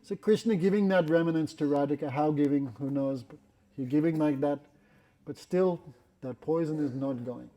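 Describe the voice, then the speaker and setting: A man telling a devotional story in a religious class, animated and laughing often, with non-standard English grammar. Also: a little high, normal speed. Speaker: spiritual teacher.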